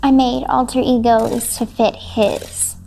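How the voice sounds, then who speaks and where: Soft-spoken hesitant young woman, gravelly. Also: a little high, little pitch movement, takes it slowly, a little hiss or hum. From United States. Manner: soft, hesitant, brief answers with many ums. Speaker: interviewee. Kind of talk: answering interview questions.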